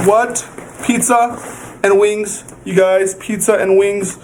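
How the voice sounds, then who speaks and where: A high-pitched man talks to his viewers between bites, gushing and exaggerating how good the food is. The recording is noisy, with a clear hiss running underneath. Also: steady tone, slow. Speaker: mukbang eater. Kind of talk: excited mukbang eating chat.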